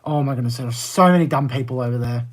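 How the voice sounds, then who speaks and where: A young Australian man in his twenties, chatting casually on a livestream and answering viewer comments in a blunt, exasperated way. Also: fast. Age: 20s. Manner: blunt and exasperated, jumps to high indignant pitch when ranting.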